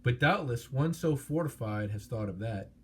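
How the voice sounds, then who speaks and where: A man voicing a small, nervous male hobbit, husky and fussily polite, flattering in a storybook reading. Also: mid-range voice, normal speed. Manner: timid, overly polite flattery.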